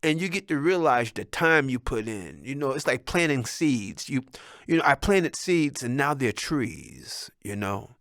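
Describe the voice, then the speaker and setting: A middle-aged man talks through his memories in a loose, rambling, heartfelt way, tacking "man" onto his thoughts. His voice sits at an ordinary middle pitch. The recording is dry, with no room sound around him. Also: lively intonation, a little slow, fairly bright tone, no echo. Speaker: son of a musician, telling life stories. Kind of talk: casual personal storytelling.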